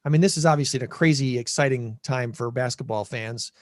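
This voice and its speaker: A man's voice: medium pitch, a little fast, no echo, clean studio sound. A man with a Midwestern American accent hosting a casual podcast over a video call, rambling and correcting himself as he talks. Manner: rambling, self-correcting, chatty. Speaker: podcast host. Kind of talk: casual chat.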